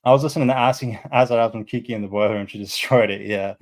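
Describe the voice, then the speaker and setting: Guy around thirty chatting about perfumes, loose and rambly, lots of likes and uhs, mid pitched voice. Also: racing. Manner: rambling and relaxed, full of "like" and "uh"; enthusiastic about scents. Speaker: fragrance reviewer. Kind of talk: casual chat.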